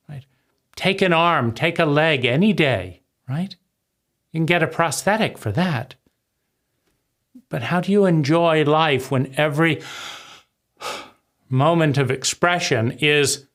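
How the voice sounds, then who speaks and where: A man's voice: fairly high pitch, slow pace, pauses often, fairly bright tone. A man speaking in a raw, intense personal monologue, often swearing and asking "right?" after his points. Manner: occasional swearing. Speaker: video essayist.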